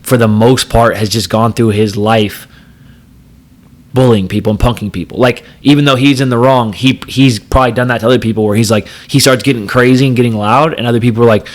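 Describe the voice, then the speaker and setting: A man's voice: mid-range voice, fairly even intonation, a little fast. Brief: thirties guy, casual guest storyteller, rambling with lots of fillers and swearing. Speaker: podcast guest, pro fighter.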